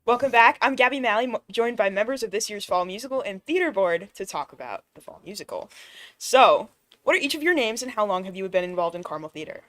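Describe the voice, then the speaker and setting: A young woman interviewing fellow students for a school news show, asking brisk, bubbly questions. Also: medium pitch, animated, fairly bright tone.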